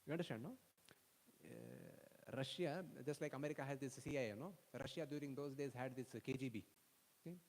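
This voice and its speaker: A youth festival speaker hurries through a lively storytelling sermon aimed at young people, checking in with his audience again and again. His voice is at a typical male pitch with a creaky texture, and a long hall reverb lingers after him.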